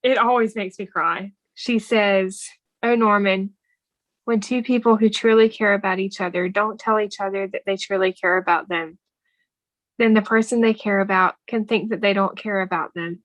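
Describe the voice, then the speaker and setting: In a steady mid-range voice at a moderate pace, the co-host chats through a movie recap and earnestly, warmly voices quoted lines. There's no room sound, but audio quality is poor.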